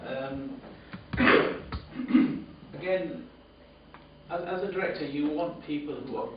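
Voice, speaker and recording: A man's voice: slow, very echoey. A man presenting awards as a director, speaking off the cuff with many ums and repeated words. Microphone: camera mic from a distance. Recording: distant, boomy, dull camera audio with room noise.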